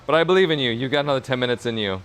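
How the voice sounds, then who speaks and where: Here the leather-crafting streamer talks at a racing pace in a smooth, expressive, medium-pitched voice with a slight brightness. He rambles with fillers on his casual livestream, staying upbeat and encouraging while he works leather in the workshop.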